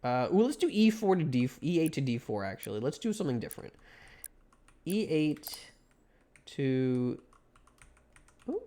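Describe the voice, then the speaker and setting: A man's voice: a little high, very animated, quick pace, hardly any pauses, warm tone. A man streaming a video game live, giving casual commentary, joking and swearing as he talks back to the game.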